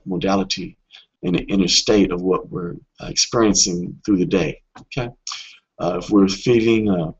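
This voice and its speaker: A man with a fairly low, husky voice talks through a webinar lesson in a casual coaching tone. He is earnest and often stops on fillers or restarts a sentence. The audio is dull and lo-fi.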